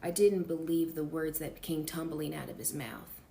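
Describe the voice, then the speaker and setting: A woman's voice: sits low, normal speed, vocal fry, mellow, slight background noise. Woman reading a memoir with chatty asides. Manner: reads with chatty off-script asides to listeners. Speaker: storyteller.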